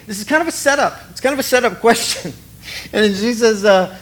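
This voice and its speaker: A middle-aged man preaching a sermon, animated and conversational, acting out both sides of the dialogue he retells. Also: high voice, fast. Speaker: pastor.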